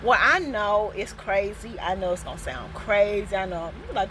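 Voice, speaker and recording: A woman vlogger telling a casual storytime in an animated, expressive way, laughing often. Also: medium pitch, normal speed, very noisy.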